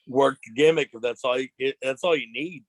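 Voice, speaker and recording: A man's voice: mid-range voice, fairly quick, no echo. A young adult man, a pro wrestler, chatting casually as an interview guest, laid-back and slangy with frequent restarts.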